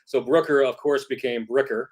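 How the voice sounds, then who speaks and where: A man's voice: mid-range voice, fairly even intonation, normal speed. A man co-hosting a podcast, chatting casually and laughing along as he tells his own story. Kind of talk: casual chat.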